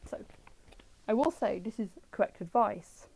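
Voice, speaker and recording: A woman's voice: medium pitch, animated, unhurried, vocal fry, a little mellow, rough recording. A British woman streaming from home, chatting casually as she looks through old books and answers her chat with jokes.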